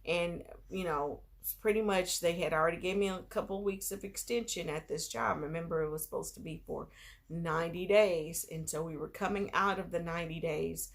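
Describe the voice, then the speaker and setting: Lady vlogger chatting through her storytime, kinda low voice with lots of fry. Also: moderate pace. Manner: chatty, heavy on filler phrases. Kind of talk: casual storytime.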